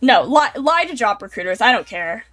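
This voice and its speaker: A young adult woman with a voice pitched a little high talks through posts on a casual stream. She is chatty, wry and blunt, and fills her speech with fillers. Faint music plays softly behind her. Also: big pitch swings, normal speed.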